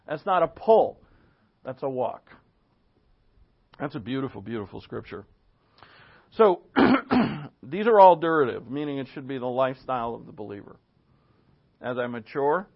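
A man preaching a sermon to his congregation in an animated, conversational way, asking rhetorical questions as he goes. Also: mid-range voice, vocal fry, muffled recording. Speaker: pastor. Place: church.

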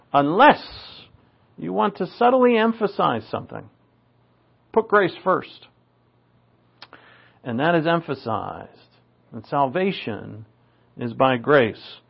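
A man teaching a Bible passage from the Greek, explaining and emphatic, often restarting his phrases. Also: fairly high pitch. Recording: dull lo-fi recording.

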